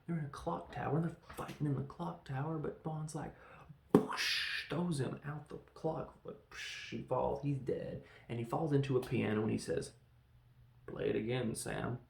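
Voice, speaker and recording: A man's voice: mid-range voice, steady tone, a little fast, vocal fry, hardly any pauses, a little mellow. A man casually recapping a film as a podcast host, rambling and acting out characters' lines with sound effects. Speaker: podcast host reviewing films. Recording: roomy echo, faint background noise.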